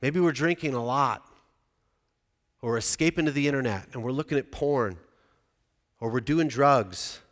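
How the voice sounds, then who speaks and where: A man's voice: medium pitch, normal speed, long pauses. A man in his forties preaching a sermon in a conversational way, often putting questions to the congregation. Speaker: pastor. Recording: reverberant church hall.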